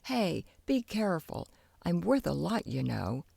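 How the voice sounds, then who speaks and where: A woman's voice: fairly low pitch, big pitch swings, measured pace, gravelly, dark tone, husky, dry recording, exaggerated voice. A woman voicing a boastful, careless young boy in a children's storybook, cocky and chatty.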